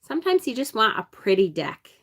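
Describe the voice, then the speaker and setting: A woman's voice: a little high, very animated, brisk. A woman with an upstate New York accent, hosting a casual live-stream card deck unboxing, chatting and laughing with viewers. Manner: chatty, reads viewer comments aloud, laughs often. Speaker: tarot channel host.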